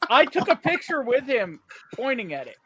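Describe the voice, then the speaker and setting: A man's voice: very high voice, normal speed, background noise. A man hosting a casual livestream chat over a video call, telling stories animatedly and cutting in to keep the floor. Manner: animated, storytelling, interrupts to hold the floor. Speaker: host.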